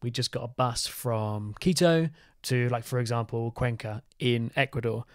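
A man co-hosting a travel podcast, chatting in a relaxed, jokey way. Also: medium pitch, moderate pace, clean tone, no echo, studio quality. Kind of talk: casual chat.

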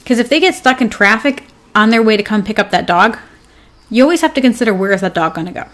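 A woman's voice: a little high, lively intonation, fast, fairly bright tone. A woman coaching pet groomers in a casual live class, chatty and upbeat, rambling with plenty of fillers. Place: home with her dog nearby.

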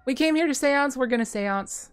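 A fairly high-voiced woman gives play-by-play on her own card game from a home desk microphone. She chats and thinks aloud, then breaks into sudden excited bursts. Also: normal speed, clean tone, soft background music. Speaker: gameplay streamer. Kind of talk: casual play-by-play commentary.

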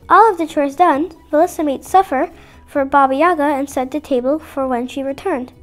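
High-voiced woman telling a bedtime story. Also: moderate pace, soft background music.

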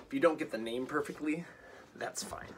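A man teaching an online music lesson for children, patient and clear, leading rhythm chants and songs. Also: mid-range voice, noisy background. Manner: slow, patient, sings and chants rhythm games.

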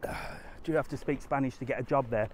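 A man speaks a little fast in a mid-range voice. He's a travel vlogger doing a casual live-stream walk down a sunny resort street, chatting with viewers and answering what they ask in the chat.

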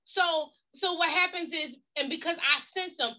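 Woman co-pastor, high-pitched and bright, blunt folksy preacher. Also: normal speed. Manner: emphatic, folksy and blunt, with repeated catchphrases. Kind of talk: preaching-style talk on a livestream.

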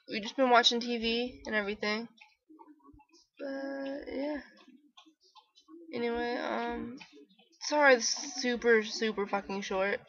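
A woman's voice: a little high, a bit bright, no room sound. Sleepy rambling young woman vlogger. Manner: sleepy, rambling, many fillers. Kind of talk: casual vlog chat. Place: bedroom at home. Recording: dull lo-fi webcam audio.

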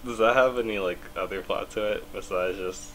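A man co-hosting a podcast who speaks quietly, with short, dry questions and remarks. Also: low-pitched, fairly quick. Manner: quiet, dry, brief interjections. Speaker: podcast co-host. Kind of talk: casual chat.

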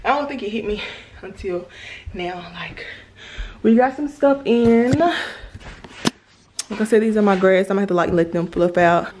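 A woman's voice: mid-range voice, lively intonation, a little slow, a little mellow. A young woman in her twenties talks straight to her viewers in a loose, chatty vlog voice and keeps calling them "y'all." She films on a phone held in her hand inside an empty house, with a faint hiss underneath. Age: 20s. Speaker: vlogger. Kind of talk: casual vlog chat. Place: new house, indoors.

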